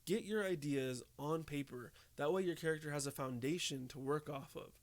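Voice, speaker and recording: A man's voice: a little high, normal speed. A young man giving casual tips to camera, talking conversationally and often checking in with "okay?" and "right?". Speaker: tabletop game tips host.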